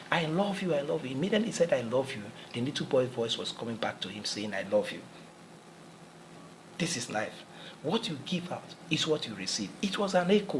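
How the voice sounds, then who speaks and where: In a motivational talk, an earnest man with a mid-range voice speaks in a preacherly, repetitive manner, frequently circling back over his own phrases. The recording is low quality, with a faint hiss underneath.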